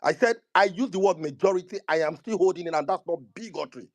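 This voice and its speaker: Defensive Nigerian man, fairly high voice. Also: quick pace. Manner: defensive, insists he is right. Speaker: debate participant. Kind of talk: heated argument.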